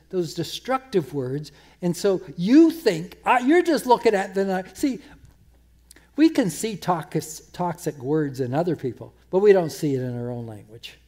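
A man preaching a sermon, emphatic, repeating words and slowing down to quote scripture. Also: on the high side, mellow. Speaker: pastor.

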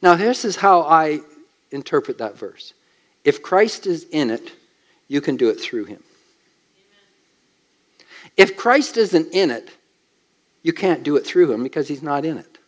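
A man with a notably high voice preaches a sermon. He speaks with emphasis and keeps putting questions to his listeners. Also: very animated, unhurried, pauses often.

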